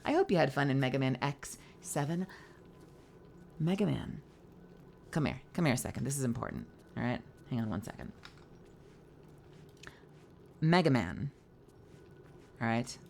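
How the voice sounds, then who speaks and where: A woman's voice: rumbling low, measured pace, creaky, long pauses, slight background noise. A woman streamer and voice actor chatting casually and playfully with her viewers while sleepy and yawning. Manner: playful and animated, greets viewers. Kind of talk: casual live-stream chat.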